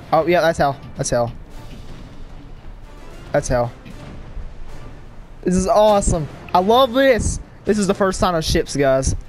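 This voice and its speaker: Hyped young guy narrating his gameplay, kinda high voice, game music going faint underneath. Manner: excitable, rambling, talks to viewers while playing. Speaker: gaming YouTuber. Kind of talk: casual let's-play commentary. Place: home room, people audible outside.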